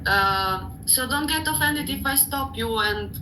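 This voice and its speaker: An Italian-accented tutor, Italian by birth, runs a casual online lesson in an expressive, somewhat high voice at a slightly slow pace. With background noise behind her, she patiently corrects pronunciation, explaining in uncertain English.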